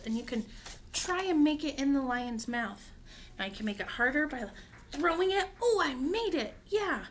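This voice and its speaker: A woman's voice: high-pitched, fairly bright tone, slight background noise. A young woman teaching preschoolers, reading a picture book aloud in a sing-song, coaxing way and inviting children to join in. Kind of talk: children's story time.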